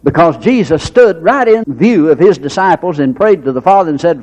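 A preacher with a voice on the high side delivers a folksy sermon packed with rhetorical questions, acting out little anecdotes in quoted voices. He speaks expressively at normal speed with a darkish tone, on a dull lo-fi recording.

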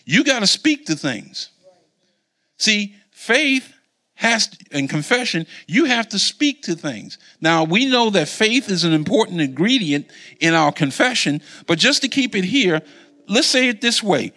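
A man's voice: sits high, a little slow. A man preaching as a Bible teacher, quizzing his listeners and leaving blanks for them to fill in. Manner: animated, quizzes the congregation. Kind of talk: sermon with call-and-response.

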